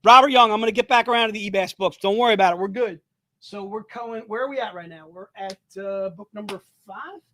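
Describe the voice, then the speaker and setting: Hyped, high-voiced male live-stream host. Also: sharp tone. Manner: joking, hyped, rapid-fire salesman banter. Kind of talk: casual live-stream selling.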